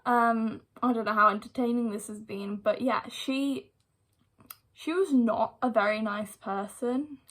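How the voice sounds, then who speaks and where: A woman's voice: fairly high pitch, steady tone, measured pace, fairly bright tone. A young woman telling a personal story to her viewers in a chatty vlog style, with many "like" fillers and direct asides to the audience. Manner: chatty retelling full of "like" fillers. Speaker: vlogger.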